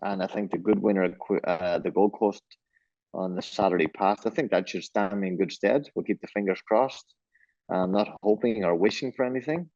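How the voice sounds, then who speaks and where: Easygoing Irish jockey on a dull call line. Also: male voice, low-pitched, moderate pace, darkish tone, dry recording. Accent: Irish, Donegal. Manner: easygoing, rambling, self-deprecating, many restarts. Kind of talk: remote interview, casual chat.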